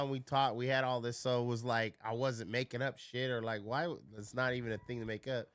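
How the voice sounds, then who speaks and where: A man's voice: mid-range voice, moderate pace, few pauses, pushed and bright, clear, resonant tone, dry recording. A man chatting casually on a live stream, rambling through stories, swearing freely and answering his chat.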